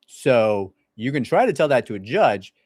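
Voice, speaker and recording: A man's voice: medium pitch, very animated, moderate pace, a little mellow, no room sound, studio quality. A man talking as an employment attorney in a casual livestream Q&A, blunt and sarcastic, mocking people in put-on voices. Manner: blunt, sarcastic, acts out others in mock voices.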